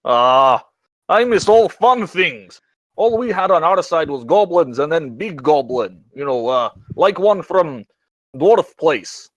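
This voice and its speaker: A man's voice: mid-range voice, lively intonation, takes it slowly, a bit bright, dry recording. A man voicing a cocky, boastful male fighter who speaks in a casual, smug drawl.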